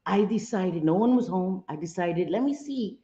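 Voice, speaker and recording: A middle-aged woman hosts a casual live stream, reading viewer comments and greeting people by name as she chats expressively. Her voice sits on the low side with a dark tone and moderate pace, and the audio is dull with an echoey room sound.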